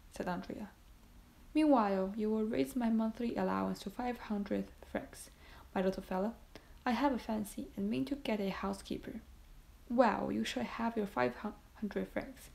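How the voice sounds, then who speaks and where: A woman reads a classic novel aloud as an audiobook, making small slips and giving the dialogue much the same voice as the narration. Her medium-pitched voice is creaky and a little mellow.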